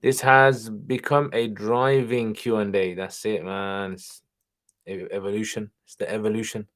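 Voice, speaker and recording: Relaxed low-voiced man. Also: measured pace. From England. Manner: relaxed, reads viewer questions aloud and answers them chattily. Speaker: channel host, Islamic teacher. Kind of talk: casual livestream Q&A. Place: car, driving while streaming.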